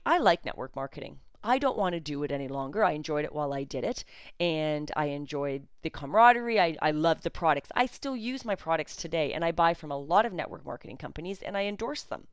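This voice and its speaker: A woman's voice: on the low side, clean tone, no echo. A woman, a coach and podcast host, talking in a blunt, outspoken way in a solo podcast monologue. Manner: sarcastic at times.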